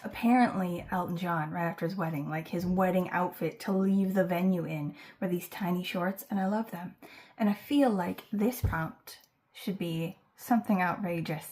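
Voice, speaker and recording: Chatty woman book vlogger at ordinary pitch, loose and playful, full of fillers. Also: a little mellow. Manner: chatty, many fillers, playful and self-teasing. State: fighting back tears. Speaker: booktube host announcing a reading challenge. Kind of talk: casual chat to camera.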